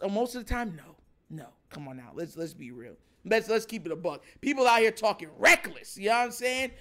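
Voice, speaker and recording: A man's voice: high voice, fairly bright tone. A man in casual sports talk, speaking emphatically in slang, laughing often and often asking "you know what I'm saying.".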